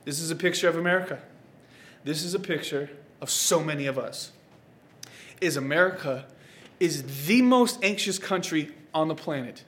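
A young man preaching a sermon, telling a personal story with big swings from hushed to loud. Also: a little high, moderate pace. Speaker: pastor. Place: church stage or studio, preaching to camera.

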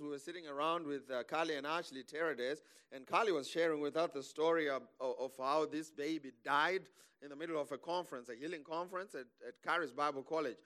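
A man preaching a sermon, animated, calling the congregation for amens and laughing between points. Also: fairly high pitch.

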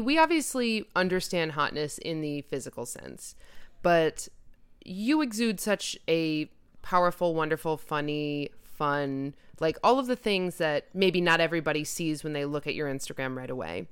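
A woman's voice: deep voice, expressive, moderate pace, smooth. A woman hosting a podcast, playful and gushing with compliments in casual chat. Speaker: podcast host.

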